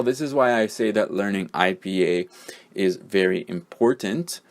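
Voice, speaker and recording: A man's voice: low voice, darkish tone. A man teaching English pronunciation, explaining step by step in a patient way with frequent "um" and "uh". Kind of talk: pronunciation lesson.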